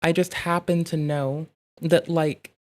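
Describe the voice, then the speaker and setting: A medium-pitched, level voice takes its time here as the streamer reacts casually from home on a desk mic. He thinks out loud in riffs, rambling and cursing along the way.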